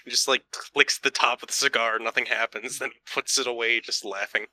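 A man's voice: mid-range voice, steady tone, a little fast, pushed and bright. A man taking part as a player in a tabletop role-play, rambling and searching for words.

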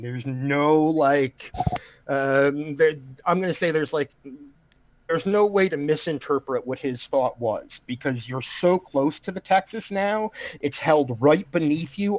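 A man's voice: on the high side, no room sound. Guy gm'ing a tabletop game over a tinny call, lots of ums, dry sound. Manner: chatty, many fillers and restarts. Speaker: game master. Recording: dry, phone-like voice call audio.

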